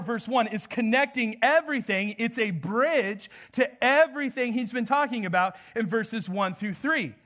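A pastor from the American Southwest delivers a sermon in a notably high voice for a man. He keeps it loose and conversational, joking with the congregation and laughing between points. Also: a bit bright.

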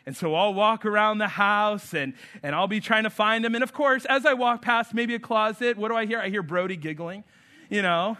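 A man in his thirties preaching a sermon, telling stories with lively acted-out voices. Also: high voice, moderate pace. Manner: storytelling, animated, acts out voices. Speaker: pastor.

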